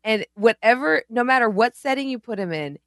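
A woman's voice: on the high side, expressive, a little fast, a bit bright, dry recording, studio quality. A woman co-hosting a podcast, chatting casually and giving opinions. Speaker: podcast co-host. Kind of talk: casual chat.

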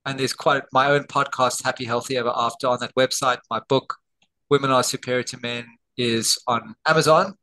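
A middle-aged Australian man, a doctor and author, talking as a guest over a video call from home and telling lively anecdotes. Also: mid-range voice, brisk, rough recording. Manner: lively anecdotes, acting out quoted dialogue. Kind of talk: interview storytelling. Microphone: video call on borrowed telehealth equipment.

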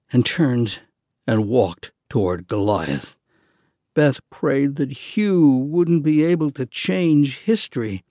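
A man narrating a children's audiobook in an expressive storytelling manner. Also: mid-range voice, no echo, studio quality.

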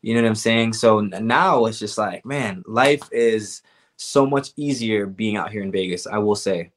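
A man's voice: on the low side, moderate pace, a little hiss or hum. A young man, a fighter guest, talking casually in an interview, laid back and rambling with lots of fillers.

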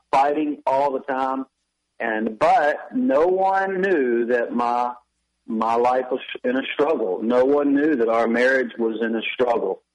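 In a radio interview with poor audio, a man who is a pastor and author tells a candid, confessional personal story. His medium-pitched voice carries wry, self-deprecating humor.

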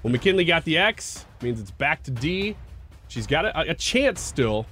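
A man's voice: a little high, big pitch swings, unhurried, sharp tone, soft background music. A man co-hosting a talk radio show, reading news items as quiz questions and chuckling often in casual banter. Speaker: radio show co-host running a quiz game.

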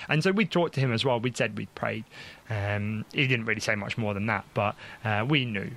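A man's voice: mid-range voice, fairly quick, a bit bright. A man telling a casual, rambling story about his baby son, with many fillers and restarts. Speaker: father sharing a testimony. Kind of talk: casual conversational testimony.

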